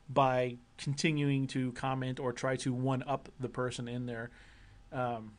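A man co-hosting a casual gaming podcast, rambling and joking, with lots of fillers and restarts. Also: mid-range voice. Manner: rambling, joking, self-interrupting. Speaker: podcast co-host.

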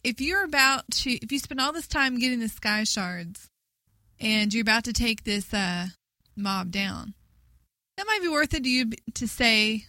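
Chatty woman with a bright voice. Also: a little high, lively intonation, normal speed, dry recording. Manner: chatty, laughs often. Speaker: podcast co-host. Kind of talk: casual chat about gaming.

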